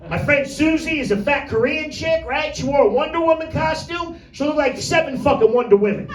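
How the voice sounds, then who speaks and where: A man's voice: very high voice, lively intonation, brisk. Brash, vulgar male stand-up in an echoey room. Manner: brash, vulgar, rambling with crowd asides. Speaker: stand-up comedian. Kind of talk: crude stand-up set. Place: small comedy room with few people. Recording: echoey room, mic from a distance.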